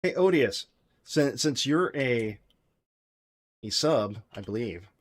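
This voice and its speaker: A man streaming his game development live, thinking aloud as he works and chatting with his viewers in a relaxed, friendly way. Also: medium pitch, takes it slowly. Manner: thinks aloud while coding, mutters to himself; friendly, thanks chat viewers directly. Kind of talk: casual live-stream chat.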